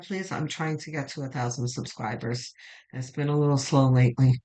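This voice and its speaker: A tarot reader with a low voice gives a weekly reading in an informal vlog. She's chatty and emphatic, uses swearing for emphasis and offers fired-up encouragement to her viewers. The recording quality is low.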